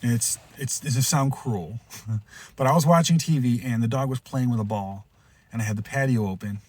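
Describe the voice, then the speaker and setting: A man hosting a podcast, telling a rambling pet story in a casual way, restarting often and jumping into loud, high voices when he quotes someone. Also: normal speed. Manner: rambling, with frequent restarts and asides. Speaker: podcast host.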